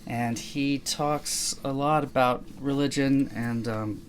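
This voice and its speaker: A man's voice: mid-range voice, steady tone, takes it slowly, a little hiss or hum. Rambling man on a casual podcast. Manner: rambling, self-correcting, acts out quoted dialogue. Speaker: podcast co-host.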